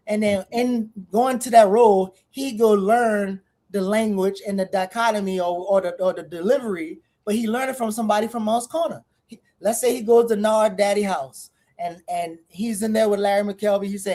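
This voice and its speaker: A co-host, telling stories animatedly in casual chat. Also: mid-range voice. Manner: animated storyteller, quick asides.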